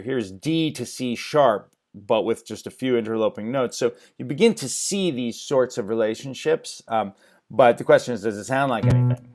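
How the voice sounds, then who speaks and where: A man's voice: medium pitch, a little mellow. A man teaching music theory in a screen-share lecture, thinking aloud with many ums and restarts.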